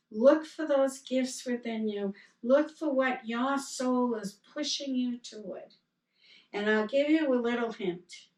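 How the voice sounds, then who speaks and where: A woman reverend giving a sermon, telling parable stories in a gentle, unhurried way. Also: mid-range voice. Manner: slow, gentle storytelling with quoted dialogue. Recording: roomy sound from a distance.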